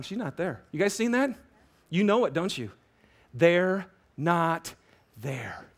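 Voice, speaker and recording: Pastor, male, higher-pitched voice, animated sermon delivery that swings from loud emphasis to near-hushed lines. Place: church auditorium with a congregation.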